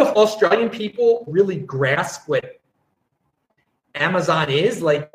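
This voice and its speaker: Man, casual live-stream host, rambling, lively pitch, echoey room. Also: slow. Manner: rambling, chatty, reads viewer comments. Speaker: show host.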